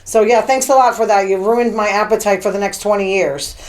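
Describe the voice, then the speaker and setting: A woman's voice: medium pitch, steady tone, a little fast, poor audio. A woman hosting her own show, telling rambling stories about her week in a chatty, casual way with lots of fillers. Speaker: podcast host. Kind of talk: casual monologue.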